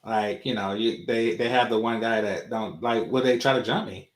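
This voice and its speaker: A man's voice: fairly low pitch, fairly even intonation, normal speed. A man co-hosting a casual reaction chat, talking loosely with many fillers. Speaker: co-host. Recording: roomy echo.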